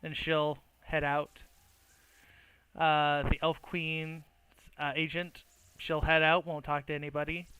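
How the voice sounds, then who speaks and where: Bright-voiced male game master. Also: a little high, slow pace, long pauses, smooth, low-quality recording. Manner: relaxed, hesitant with fillers. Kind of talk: narrating a tabletop game.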